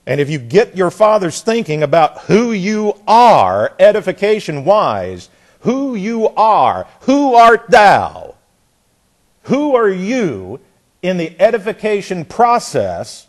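A man teaching from the Bible in a sermon, often repeating words as he searches and slowing down hard to stress key phrases. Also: high-pitched, huge pitch swings. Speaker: preacher.

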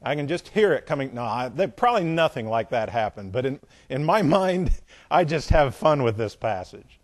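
A man's voice: mid-range voice, normal speed. Chatty male Bible teacher, joking asides. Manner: relaxed, conversational, joking asides. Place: room with a board.

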